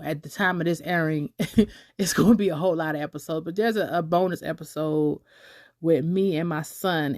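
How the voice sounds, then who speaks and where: A woman's voice: sits low, no room sound, clean studio sound. A woman hosting her own podcast in a chatty, digressive way, often correcting herself mid-sentence. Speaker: podcast host. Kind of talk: casual podcast monologue.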